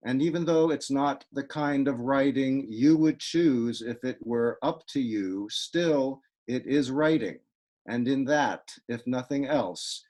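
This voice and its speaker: A man reading his own poems aloud over a video call, with a dry, wry deadpan delivery. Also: medium pitch. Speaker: poet reading his work.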